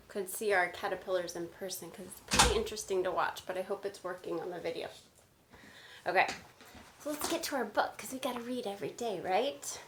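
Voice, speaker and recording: A woman teacher speaking gently to children in a video lesson, recorded on a phone. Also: medium pitch. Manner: slow, gentle, explaining to kids. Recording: phone video with faint noise.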